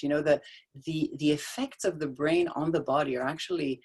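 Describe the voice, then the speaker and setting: A middle-aged woman with a notably low voice talks about parenting over a video call. She tells stories conversationally, laughing often and restarting her sentences. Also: moderate pace, husky. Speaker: guest speaker on child development. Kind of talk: casual talk on a video call. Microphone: video call microphone.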